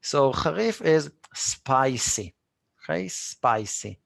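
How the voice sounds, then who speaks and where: A man with an Israeli accent teaching a live online Hebrew class, repeating words slowly and patiently and answering students by name. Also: mid-range voice, sing-song, vocal fry, a bit bright, no echo. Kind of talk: live online language lesson.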